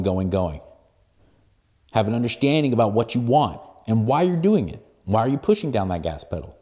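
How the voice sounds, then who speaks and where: A man in his forties hosting a solo podcast, giving motivational talk in an emphatic, blunt way that swings between hushed asides and loud pushes. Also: mid-range voice. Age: 40s. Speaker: podcast host.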